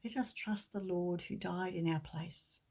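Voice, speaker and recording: Gentle, breathy woman preaching. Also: on the low side, fairly even intonation, unhurried. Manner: gentle, goes soft and near whispering. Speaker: church speaker. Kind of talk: sermon and storytelling message.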